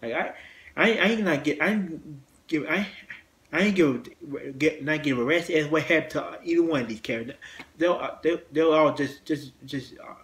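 Male host, fairly high voice, stumbling and repetitive delivery, blunt and profane. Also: fairly bright tone. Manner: halting, many restarts and repeated words, blunt cursing. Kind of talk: casual movie rant.

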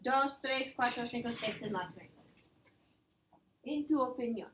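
A woman's voice: fairly high pitch, normal speed, noisy background. A woman teaching a Spanish lesson, explaining grammar step by step and mixing English with Spanish words. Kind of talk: online class lesson.

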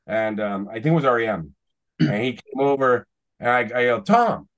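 Guesting on a podcast, a celebrity YouTuber in his forties from Canada rambles casually through stories, restarting himself and adding chuckling asides. His medium-pitched voice moves fairly quickly and sounds a bit bright.

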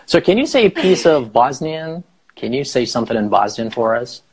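A man with an Iranian accent hosts a relaxed interview over a video call. His voice sounds husky, and he keeps asking questions and cheering his guest on. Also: medium pitch, normal speed. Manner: encouraging, asks lots of questions. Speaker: host.

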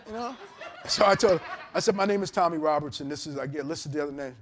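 A male pastor, preaching a storytelling sermon to his congregation. He tells the story with lively character voices and laughter. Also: fairly high pitch, racing. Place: church service in a hotel venue. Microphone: handheld or lapel mic.

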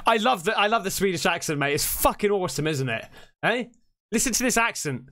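Excitable high-pitched man swearing. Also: brisk, dry recording, clean studio sound. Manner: excitable, swearing freely, rambling. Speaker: reaction video host. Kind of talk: casual reaction commentary. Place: hot indoor room.

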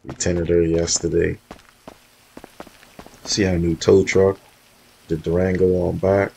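Low-voiced man, laid-back gaming vlogger, speaks to his viewers over faint background noise. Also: flat delivery, takes it slowly, vocal fry, mellow, poor audio. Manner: laid-back, slangy, talks straight to viewers. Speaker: roleplay gamer showing off his cars. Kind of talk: casual gaming vlog commentary.

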